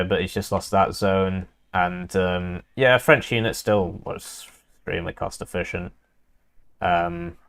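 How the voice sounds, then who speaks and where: Low-voiced casual game caster. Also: male voice, fairly bright tone. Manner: casual, rambling, filler-heavy. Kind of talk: live game commentary.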